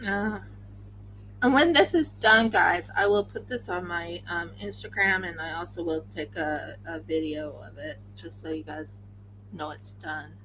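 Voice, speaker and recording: A tired woman hosting a crafting livestream, chatting casually and excitably, often talking to herself as she works. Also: fairly low pitch, measured pace, slight background noise, low-quality recording. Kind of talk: casual chat while crafting.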